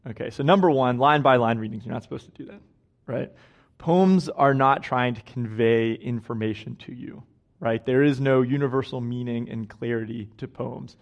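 A man's voice: medium pitch, a little fast. A young man preaching a casual, conversational sermon in a church, chatty and self-deprecating, often laughing at his own stories. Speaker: guest preacher. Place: church sanctuary.

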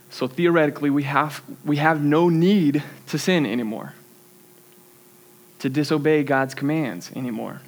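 Young man, sermon in church, earnest, conversational, slightly high voice. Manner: earnest, conversational, self-deprecating asides. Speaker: preacher.

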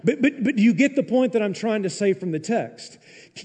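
A man preaching a sermon as a pastor, animated and sarcastic, acting out mock quotes in raised voices. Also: fairly high pitch, moderate pace, long pauses, long reverb tail. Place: church.

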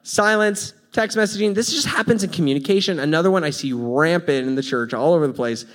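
A man's voice: a little high, fast talker. A man preaching a sermon in a loose, conversational way, joking and laughing at his own examples. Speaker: pastor.

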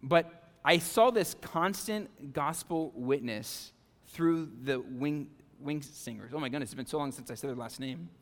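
A male pastor preaching a conversational sermon, animated, with frequent "okay?" and "right?" asides to the congregation. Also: on the high side, unhurried, few pauses, long reverb tail. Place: church sanctuary.

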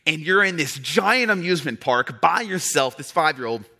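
A male pastor preaching a sermon in a casual, animated storytelling style, full of "like" and restarts. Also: on the high side, moderate pace, creaky. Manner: conversational and animated, with many fillers.

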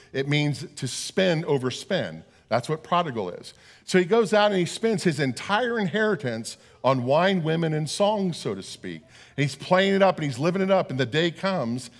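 A middle-aged male pastor delivers a sermon in a fairly high voice. He speaks earnestly and tends to repeat words as he works through his points.

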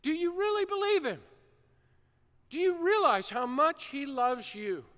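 Preacher, male, high bright voice, unhurried animated storytelling, long reverb of a big hall. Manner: animated storytelling, acting out a shouting coach. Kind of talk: sermon.

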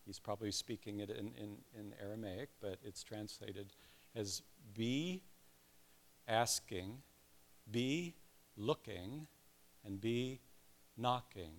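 A man's voice: fairly low pitch, slow, long pauses. An older man preaching a sermon in a conversational way, with self-deprecating asides and personal stories. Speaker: pastor.

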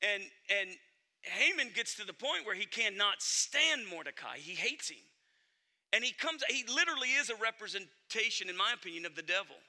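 A man's voice: high voice, very animated, normal speed, sharp tone. A male pastor preaching a sermon in an earnest, emphatic way, speaking directly to his congregation.

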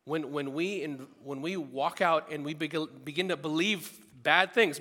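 A man preaching a sermon in a lively, animated way, breaking into loud bursts when he acts out what people think. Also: a little high, moderate pace, hardly any pauses, long reverb tail. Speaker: pastor.

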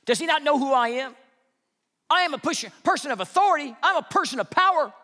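A man's voice: very high-pitched, animated, fast talker, bright, forceful tone, pitched above the performer's own voice, full character voice. A man doing an offended, self-important commander. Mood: indignant. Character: indignant proud male army commander, middle-aged.

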